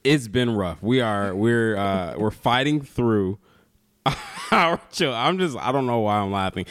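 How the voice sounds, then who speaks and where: Young man, podcast co-host, jokey, swings his pitch a lot, dry sound. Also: measured pace, no echo. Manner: jokey, animated, laughs at his own jokes. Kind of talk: casual chat.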